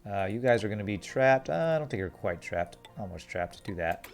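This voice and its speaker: A man's voice: lowish voice, normal speed, gravelly. Chatty American man playing a game. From United States. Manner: relaxed, chatty, reads chat aloud and laughs. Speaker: game streamer. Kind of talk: casual gameplay commentary. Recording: faint music behind.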